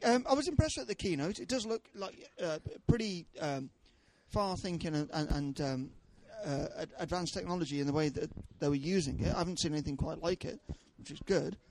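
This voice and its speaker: Giggly high-voiced man. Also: brisk, hardly any pauses, a little mellow, slight background noise. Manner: giggly, hesitant, mock announcer reading. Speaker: podcast host reading news. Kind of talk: casual tech podcast banter.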